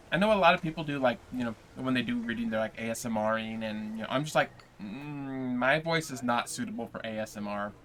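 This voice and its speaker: A man with a bright, forceful voice talks on his livestream in a loose, joking way, teasing his chat. A faint hum of noise sits under him at a middle pitch. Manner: playful, joking, chatty with viewers. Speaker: livestream host and reader.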